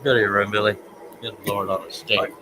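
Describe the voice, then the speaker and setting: A man's voice: fairly low pitch, flat delivery, a little fast, sharp tone, slight background noise, rough recording. A man with a Southern US accent hosting a casual live stream, chatty and giggly as he reads comments aloud. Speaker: livestream host.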